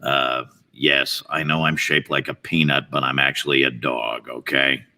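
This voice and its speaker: A man's voice: rumbling low, flat delivery, measured pace, bright, forceful tone, far from the mic, voice pushed down, full character voice. A man voicing a bored, dyspeptic cartoon dog who sounds weary and eye-rolling. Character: bored, dyspeptic peanut-shaped male dog.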